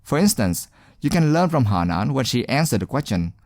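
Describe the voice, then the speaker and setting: A man teaching exam speaking skills in scripted narration, encouraging and deliberate, stressing key words. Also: medium pitch, very animated, darkish tone, no room sound, studio quality.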